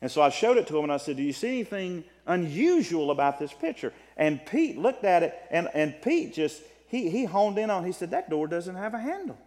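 A man preaching a sermon as pastor, animated, with a rising and falling delivery. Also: high-pitched, brisk, hardly any pauses. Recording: long reverb of a large hall.

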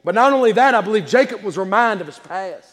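A pastor preaching a sermon in a church, with impassioned delivery that swells into shouts. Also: male voice, high voice, expressive, fast, big-room sound. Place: church sanctuary.

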